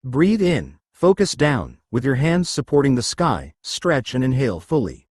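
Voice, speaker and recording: Step by step, a man leading exercise and breathing instruction tells listeners which stretch or breath comes next. His voice is husky and dry, the recording has no room around it, and his measured delivery carries a lively rise and fall in pitch.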